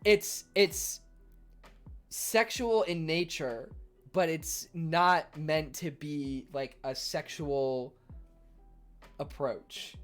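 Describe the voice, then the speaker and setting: A young man chatting casually on his livestream in an animated, rambling way, full of fillers. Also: on the high side, extremely slow, pauses often, faint music behind. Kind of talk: casual stream chat.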